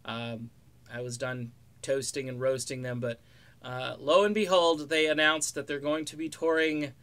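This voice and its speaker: A man's voice: medium pitch, a bit bright. A middle-aged man giving casual, rambling commentary on music news with sarcastic jokes and asides.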